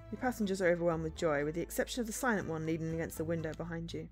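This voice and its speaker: A woman's voice: fairly low pitch, fast, few pauses, soft background music. A woman streamer reading a story game aloud, with dry, sarcastic asides.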